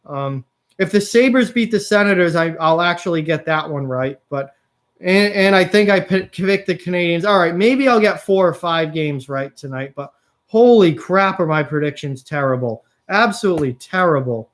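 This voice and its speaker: Young man, high voice, live stream host, casual chat, reads out viewer comments, frustrated. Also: lively intonation, normal speed, fairly bright tone. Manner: chatty, reads and answers viewer comments, frustrated about picks.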